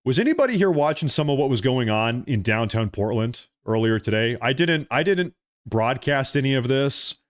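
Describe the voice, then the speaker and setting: A man's voice: medium pitch, sing-song, normal speed, no room sound, studio quality. A man hosting a live political stream, talking casually and repeating himself as he addresses viewers directly. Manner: chatty and repetitive, addressing viewers directly as folks and ladies and gentlemen. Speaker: political livestream host.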